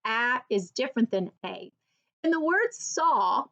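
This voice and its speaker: A woman teacher giving an early reading lesson for children, slowly and clearly sounding out each word. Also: on the high side, animated, a bit bright, dull audio.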